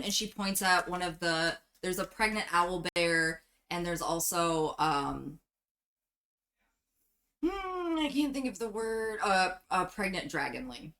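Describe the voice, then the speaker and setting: A woman's voice: on the low side, sing-song, slow, fairly bright tone. A woman running a tabletop game as game master, narrating scenes in a casual, chatty way with plenty of fillers.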